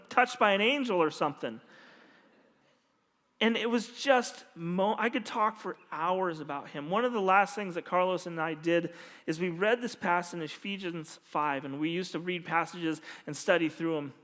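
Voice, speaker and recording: A man preaching as a pastor, telling a personal story earnestly and dropping to a hushed voice when he quotes others. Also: sits high, normal speed. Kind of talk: storytelling sermon. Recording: long hall reverb.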